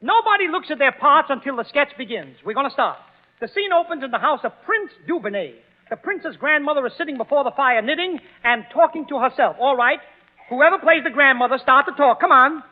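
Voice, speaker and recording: High, brisk radio comic and host, bossy wisecracks, thin old broadcast sound. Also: male voice, lively intonation. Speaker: comedy show host. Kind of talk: 1930s radio comedy. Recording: tinny, lo-fi 1930s radio broadcast with music.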